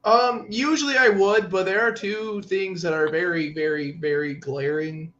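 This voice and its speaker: An excitable, high-voiced man vents about his team in a casual podcast chat, slipping into mock voices as he quotes players. The sound is a little dull and lo-fi, like a home setup. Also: normal speed. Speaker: podcast co-host.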